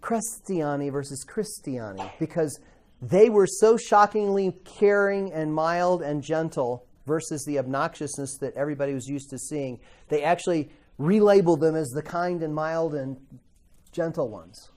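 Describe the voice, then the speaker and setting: A man teaching a classroom Bible lesson in a conversational way, asking the class questions and acting out quoted voices with sudden loud outbursts. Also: fairly high pitch, normal speed.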